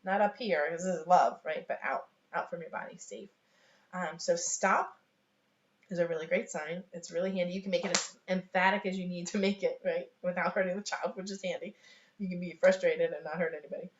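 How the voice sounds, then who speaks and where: A woman with a slightly low voice teaches sign language over a home webcam, chatty and loose, with plenty of fillers and small laughs. The room rings with echo, and the sound is dull and lo-fi. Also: steady tone, a little fast. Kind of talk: casual online teaching. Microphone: webcam on a video call.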